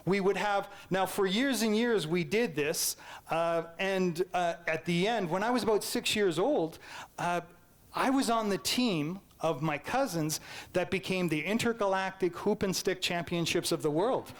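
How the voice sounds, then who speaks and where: High-voiced man telling a lively lecture story. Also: a little slow. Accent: Canadian English. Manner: animated, playful storyteller who acts out teachers and quizzes the audience. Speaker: public lecturer.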